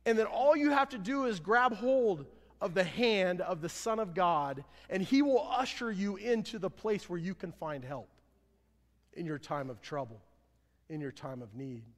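A man preaching a sermon as pastor, earnest, swelling louder then dropping low at line ends. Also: lively intonation, moderate pace. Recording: long hall reverb.

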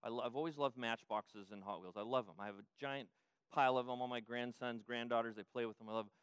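An older man preaching a sermon as pastor, emphatic and repetitive, often restarting and rising to loud peaks. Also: mid-range voice, steady tone, quick pace, smooth, no room sound.

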